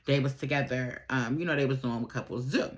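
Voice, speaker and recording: Low-pitched woman vlogger from Buffalo, New York. Casual, slangy, repetitive storyteller who chats while getting ready. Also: fairly quick. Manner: rambling, slangy, repeats herself.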